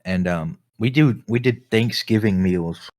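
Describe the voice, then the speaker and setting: A man's voice: on the low side, a little slow, a little mellow. A young man co-hosting a casual podcast, telling a story with lots of laughter and swearing. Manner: laughs often while telling stories; swears freely. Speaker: podcast co-host. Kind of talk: casual chat.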